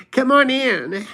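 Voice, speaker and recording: A man voicing a hospitable older country woman in a high, sing-song falsetto. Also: vocal fry, sharp tone, heavily acted.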